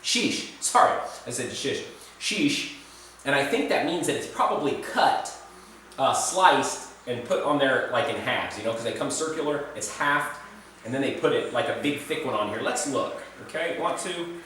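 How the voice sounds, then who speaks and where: A man's voice: medium pitch, animated, normal speed, a bit bright, far from the mic, slight background noise. A man rambling casually in a food vlog, chatty and self-deprecating, recorded in an echoey room away from the mic. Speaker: food vlogger. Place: indoors in Serbia, roomy space.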